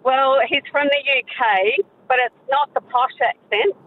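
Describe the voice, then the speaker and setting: A woman calls in to a radio show and speaks slowly in a high voice. The phone line is tinny, with faint road noise in the background. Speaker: caller.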